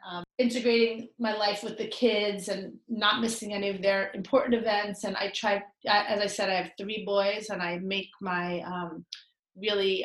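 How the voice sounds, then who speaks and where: A woman's voice: mid-range voice, fairly bright tone, roomy sound, poor audio. A middle-aged woman with a nasal voice, a divorce lawyer and coach answering interview questions in a chatty, upbeat way, laughing often and using many fillers.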